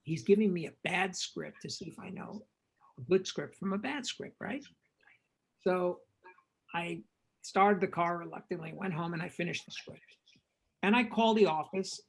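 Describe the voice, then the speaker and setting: Older director as interview guest, husky and gravelly, a lively raconteur who performs each quote. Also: male voice, high voice, rough recording. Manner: lively raconteur, acts out quoted dialogue, frequent repetitions. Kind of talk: animated storytelling anecdote.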